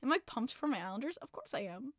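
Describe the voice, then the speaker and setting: A woman hosting a casual hockey podcast livestream, excitable, laughing often and swearing freely as she reads chat messages. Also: on the high side, quick pace, dry recording. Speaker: podcast host.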